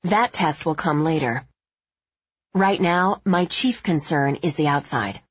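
A woman narrating a novel in the first person with steady, measured storytelling. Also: low-pitched, slightly rough, no room sound, lo-fi sound. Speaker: audiobook narrator.

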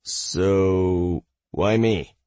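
A man voicing an eager, nervous young gamer who babbles and hesitates, with a husky voice. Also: deep voice, fairly even intonation, drawn-out words, warm tone, no room sound.

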